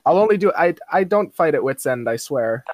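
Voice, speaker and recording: Woman, podcast co-host, casual chat, low voice, animated pitch, giggly. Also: brisk, no echo. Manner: giggly, self-deprecating, jokey.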